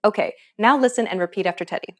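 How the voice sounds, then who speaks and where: A woman narrating a scripted lesson, explaining pronunciation clearly and step by step. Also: mid-range voice, fast talker, a bit bright. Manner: clear, instructive. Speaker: pronunciation teacher.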